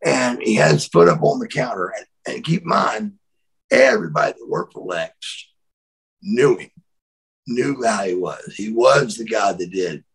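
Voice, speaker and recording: Gravelly storytelling man, lively delivery. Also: medium pitch, unhurried, low-quality recording. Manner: animated, repeats words, acts out quotes. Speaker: interview guest, former wrestler. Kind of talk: storytelling in a shoot interview.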